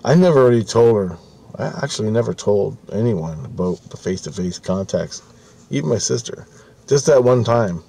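A man's voice: fairly low pitch, lively intonation, moderate pace, vocal fry, mellow, slightly rough. A man telling a story casually, rambling, swearing often and restarting his sentences. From Canada.

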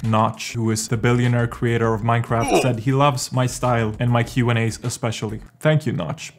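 A young man, vlogging in a dry, deadpan comedic way. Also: mid-range voice, normal speed, hardly any pauses. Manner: deadpan, dry absurd humor. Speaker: YouTuber. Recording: music playing underneath.

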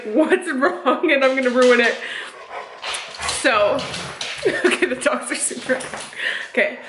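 A woman's voice: high voice, a bit bright, reverberant, a little hiss or hum. A young woman vlogging at home, chatting to camera in a giggly, rambling way. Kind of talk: casual vlog chat to camera.

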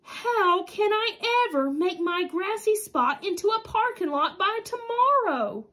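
A woman's voice: extremely high pitch, lively intonation, measured pace, fairly bright tone, pitched above the performer's own voice, exaggerated voice. A woman voicing a sick male centipede in a storybook, moaning and sneezing. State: has a cold.

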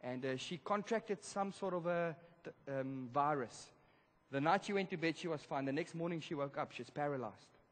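A male pastor telling a story in a sermon, animated, swinging between loud emphasis and hushed moments. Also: fairly high pitch, normal speed. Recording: long church hall reverb.

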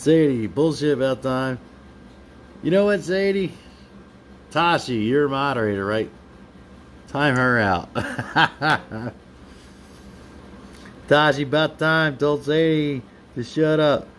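A man's voice: medium pitch, slow, pauses often, fairly bright tone, a little hiss or hum. A man on a live stream, reading viewers' comments aloud and answering them with playful, teasing banter. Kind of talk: casual live-stream chat.

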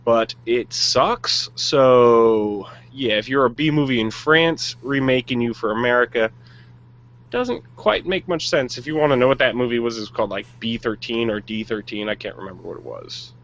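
A man's voice: medium pitch, normal speed, a bit bright. Guy cohosting a podcast, opinionated and rambly, kinda muffled lo-fi sound. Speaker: podcast co-host. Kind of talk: casual chat.

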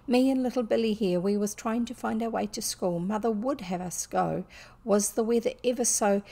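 A woman's voice: a little high, moderate pace, creaky, mellow. A woman voicing a polite, rustic young male hedgehog who answers deferentially with plain country grammar, in a storybook reading. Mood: respectful. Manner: deferential, countrified grammar, says sir a lot.

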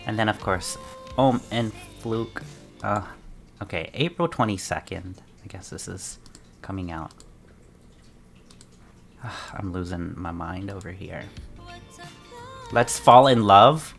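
A man reacting to a trailer as an excited fan, muttering asides and breaking into dramatic outbursts. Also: low voice, measured pace, gravelly, long pauses, soft background music. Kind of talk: casual reaction commentary.

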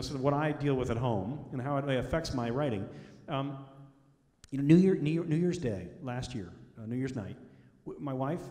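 A man's voice: medium pitch, warm tone. Man telling stories in an echoey hall. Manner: storytelling, acts out quoted voices. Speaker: author speaking to an audience. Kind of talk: anecdotal talk. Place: school auditorium. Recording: echoey hall, long reverb.

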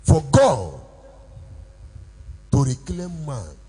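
A male pastor preaching a sermon with call-and-response questions, rising to shouts. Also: on the high side, wildly swooping pitch, extremely slow, breathy edge, poor audio. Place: church.

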